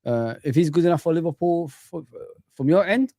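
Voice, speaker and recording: A man's voice: on the high side, expressive, normal speed, warm tone, dry recording, studio quality. A man co-hosting a live football watch-along stream, chatting casually and calling the audience "guys". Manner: chatty, repeats "guys" and "man", British slang. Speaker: livestream co-host.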